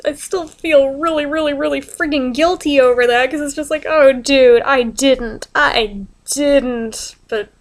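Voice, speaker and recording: High-voiced woman venting in a vlog. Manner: chatty, exasperated, swears freely. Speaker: vlogger. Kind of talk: casual storytelling vlog.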